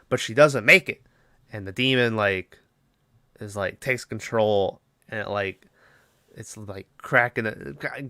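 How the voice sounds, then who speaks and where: A man's voice: medium pitch, pushed and bright, clear, resonant tone, dry recording, clean studio sound. Casual swearing man recapping a movie. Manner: rambling, swears often, lots of fillers. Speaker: podcast co-host.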